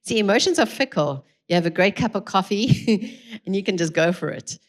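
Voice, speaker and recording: A middle-aged woman, giving a lively parenting talk to a church audience, acting out quotes and laughing often. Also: mid-range voice, normal speed. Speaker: parenting speaker. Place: church hall.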